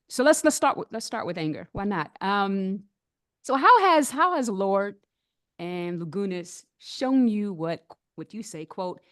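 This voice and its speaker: A woman hosting a book discussion who asks her questions haltingly, restarting phrases as she goes. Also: fairly low pitch, no room sound, studio quality. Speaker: host and moderator.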